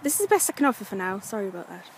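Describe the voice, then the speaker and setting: A woman's voice: mid-range voice, sing-song, very fast, a little hiss or hum. A young woman from North East England chatting casually to her camera while walking her dog along the coast, frustrated and full of fillers. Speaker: vlogger. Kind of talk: casual vlog narration.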